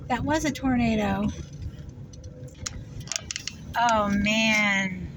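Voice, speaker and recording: Lady driving and talking real slow, kinda high voice, lots of road noise in the car. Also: far from the mic. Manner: hushed, shocked exclamations. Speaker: vlogger. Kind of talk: driving commentary. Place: inside a car on a highway. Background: road and vehicle noise.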